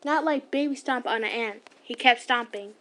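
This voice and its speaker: A woman's voice: on the high side, moderate pace, fairly bright tone. A woman reading a fan story aloud in a casual, stumbling way, with side remarks. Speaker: ASMR storyteller.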